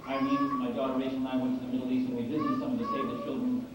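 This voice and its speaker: A man's voice: medium pitch, monotone, rapid-fire, far from the mic. A man speaking earnestly and encouragingly to fans from a convention panel. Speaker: convention guest actor. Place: large convention hall. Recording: echoey hall mic, loud noise.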